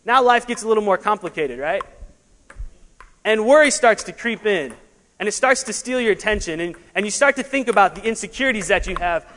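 A man preaching an animated sermon as a pastor, laughing at himself and sometimes short of breath. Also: sits high, a little fast. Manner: animated, laughing asides, juggling while preaching. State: out of breath at times. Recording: long hall reverb.

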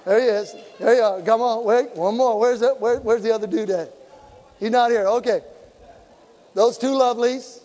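A man preaching a sermon, telling stories and acting out dialogue, sometimes shouting for emphasis. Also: very high-pitched, normal speed. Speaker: pastor. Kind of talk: sermon with storytelling. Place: church sanctuary. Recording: hall reverb.

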